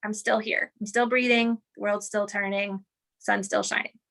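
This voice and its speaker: Bright-voiced woman explaining with energy. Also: medium pitch, normal speed, creaky. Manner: animated, teacherly, checks in with "right?" and "okay". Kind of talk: explanatory interview talk.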